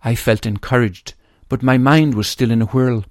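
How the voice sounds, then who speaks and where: A man's voice: mid-range voice, fairly even intonation, moderate pace, a little mellow, no room sound, studio quality. A man reading aloud from his own memoir in an earnest, grieving way, then talking about it.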